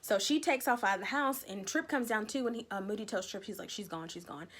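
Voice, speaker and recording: A woman giving a casual recap of a TV episode, retelling the plot with animated storytelling and acting out what the characters say. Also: mid-range voice, fast talker. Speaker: TV recap vlogger.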